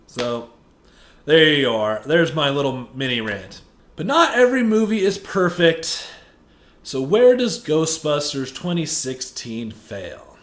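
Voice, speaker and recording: Fired-up ranting man, high voice. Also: sing-song, takes it slowly. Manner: heated and profane, escalating into shouted rants. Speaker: movie reviewer. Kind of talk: ranting film review. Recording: echoey room.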